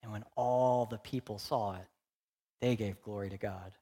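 A man in his forties, a pastor preaching a candid, conversational sermon that swings between loud emphasis and hushed, quiet moments. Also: fairly low pitch, fairly even intonation, normal speed, slightly rough. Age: 40s.

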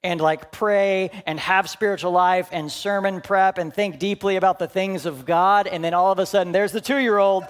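Preaching at normal speed with few pauses, this young adult pastor has a high-sitting voice. He's lively and funny in his sermon, then lowers to quiet, earnest asides.

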